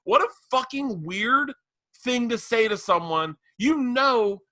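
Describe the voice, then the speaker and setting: Bright-voiced man telling profane stories. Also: very high-pitched, lively intonation, slow, no room sound. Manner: storytelling, profane, emphatic. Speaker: podcast co-host. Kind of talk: casual podcast chat.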